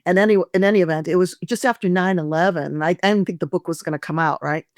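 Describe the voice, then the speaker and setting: A woman's voice: on the low side, steady tone, no echo, studio quality. Effusive older woman co-host, emotional. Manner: emotional, effusive, quick to get choked up. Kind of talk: casual chat.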